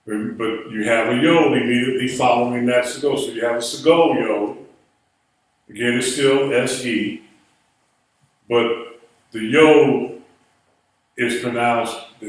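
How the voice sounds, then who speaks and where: Man teaching slow n patient, sounds far from the mic in a big echoey room. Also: mid-range voice. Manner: patient, spells words out slowly. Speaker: Hebrew teacher. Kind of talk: classroom lesson.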